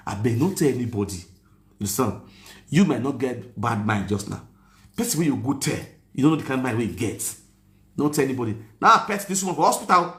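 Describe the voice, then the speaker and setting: A man with a Nigerian accent telling a story in a casual, animated rant that mixes Pidgin and English, often asking if you understand. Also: medium pitch, echoey room. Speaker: online commentator.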